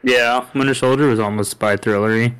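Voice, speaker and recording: Casting: male podcast co-host, smooth, clear voice, deadpan quips. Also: mid-range voice, a little fast, rough recording. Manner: dry, joking asides. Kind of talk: casual chat.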